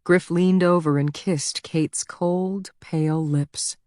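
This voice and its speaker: Brief: female audiobook narrator, low voice, dry close studio sound, measured reading. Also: steady tone, a little mellow, dry recording.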